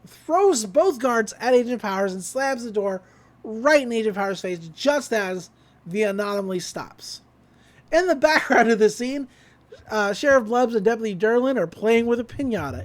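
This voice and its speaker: Woman retelling a cartoon ep, lively voice jumping all over, kinda high, laughs a lot. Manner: animated retelling, acts out quotes, laughs often. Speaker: podcast host recapping a cartoon episode. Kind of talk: casual recap.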